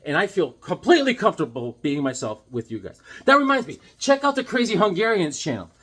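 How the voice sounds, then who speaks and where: In a laid-back vlog about his comic book haul, he jokes, rambles and keeps interrupting himself. He speaks briskly in a high, fairly bright voice with big pitch swings and a breathy edge.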